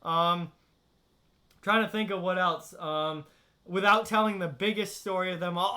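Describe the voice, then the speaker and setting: Young male streamer, high, bright voice, casual animated storyteller reading chat. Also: measured pace. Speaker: live stream host.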